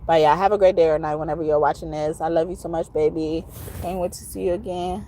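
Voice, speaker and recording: Woman, lowish voice, spiritual reader, rambling and affectionate, faint room hum behind. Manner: affectionate, rambling, tags lines with "okay?", laughs often; breaks into soft, slow crooning singing. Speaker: tarot reader. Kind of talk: casual spiritual sign-off monologue.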